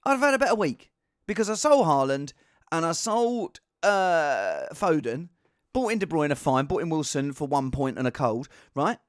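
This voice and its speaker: A man hosting a comedy podcast, talking animatedly and swinging between shouting and mumbling. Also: a little high, big pitch swings, moderate pace, no room sound, studio quality. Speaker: podcast host and impressionist. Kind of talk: casual comedic monologue.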